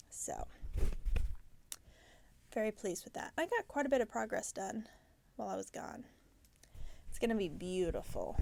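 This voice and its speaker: A chatty woman with a slightly high voice hosts a knitting show. She talks in a relaxed, show-and-tell way, corrects herself often and sometimes drops into soft asides. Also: gravelly, a little hiss or hum. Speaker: knitting podcast host. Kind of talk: casual show-and-tell chat.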